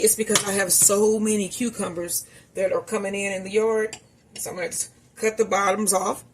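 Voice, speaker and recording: A woman's voice: mid-range voice, a little hiss or hum. A woman chatting casually to her viewers while she cooks in her home kitchen, calling them y'all. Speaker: home cooking vlogger. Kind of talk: casual cooking vlog narration.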